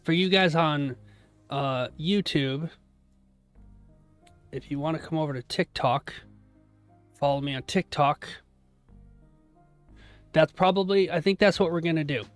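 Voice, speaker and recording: A man's voice: fairly high pitch, a little slow, pauses often, dry recording, soft background music. A man hosting a casual live stream, chatting and joking with his viewers and thanking them often. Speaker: live-stream trading host.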